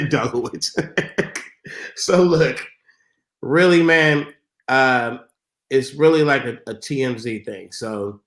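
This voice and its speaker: A man's voice: medium pitch, fairly bright tone. A male guest talking in a laid-back, casual way during an interview. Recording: echoey room.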